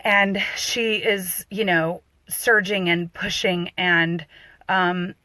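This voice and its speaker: Doula lady telling a story, bright voice, dry close sound, acts out the quotes. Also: on the low side, steady tone, slow, dry recording. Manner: loose, with many fillers and restarts. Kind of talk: personal storytelling.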